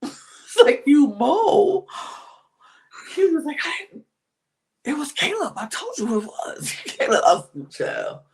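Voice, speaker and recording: A podcast co-host gives a relaxed recap of a reality show, acting out what the others said, sometimes whispering, and drawing out casual exclamations. The voice is high and swings dramatically in pitch.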